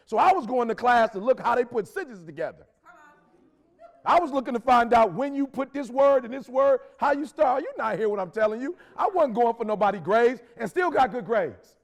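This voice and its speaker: Brief: middle-aged man, very high-pitched voice, motivational speaker from Detroit, urgent preachy delivery, slangy, hammers points by repeating them. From Detroit, Michigan, USA. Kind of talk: motivational speech to a live audience.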